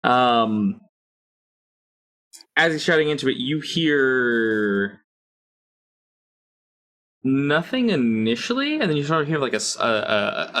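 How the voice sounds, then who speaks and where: A man narrating as game master of a tabletop game, describing scenes haltingly with many pauses and restarts. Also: mid-range voice, fairly bright tone.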